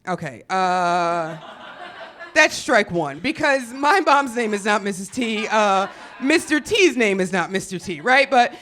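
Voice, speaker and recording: A young woman from Chicago telling a funny story on stage, profane and animated, acting out the people she quotes. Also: medium pitch, unhurried. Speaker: storyteller comedian. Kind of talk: live comedic storytelling.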